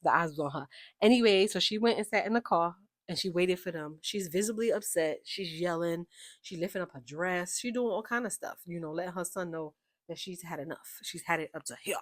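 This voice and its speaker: Chatty low-voiced woman recapping TV. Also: brisk, no room sound, studio quality. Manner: chatty, opinionated, animated asides. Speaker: reality TV recap host. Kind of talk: casual recap commentary.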